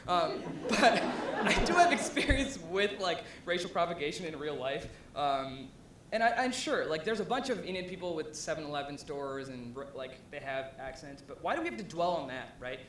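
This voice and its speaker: High-voiced young man giving a casual talk. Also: lively intonation, a little fast, fairly bright tone. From USA (Ohio). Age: young adult. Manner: conversational, with frequent ums and likes and rising asides. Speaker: presenter. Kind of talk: casual live presentation talk. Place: event venue before an audience. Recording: echoey room with faint rumble.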